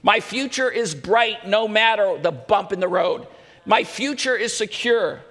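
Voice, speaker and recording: A man's voice: high voice, measured pace, pushed and bright. A male pastor preaching a sermon with earnest emphasis, repeating questions. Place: church hall. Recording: echoey church hall.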